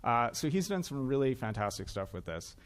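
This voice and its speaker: A man's voice: mid-range voice, sing-song, a little fast. A man giving a conference talk on stage, chatty and self-deprecating, with frequent uhs. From Canada. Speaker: conference speaker. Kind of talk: joking tech conference talk. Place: conference hall, live audience.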